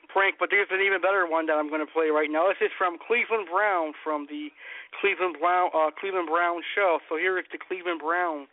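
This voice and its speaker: Man, radio host, halting delivery, dry, tinny. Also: sits high, fairly even intonation, dry recording. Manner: halting, hesitant introduction. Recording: dry, phone-like radio sound.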